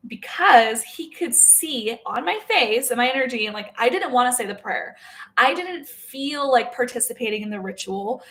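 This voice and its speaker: A woman's voice: on the high side, a bit bright. A woman in an emotional, heavily profane personal monologue as a spiritual self-help creator, talking in loose run-on sentences full of "like" and "okay?". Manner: blunt, heavily profane, emphatic.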